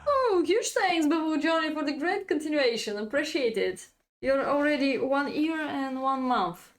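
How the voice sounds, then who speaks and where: A woman's voice: high-pitched, animated, normal speed. A woman chess coach, a native Bulgarian speaker, giving a live-streamed lesson, chatty and laughing often as she reads out chat.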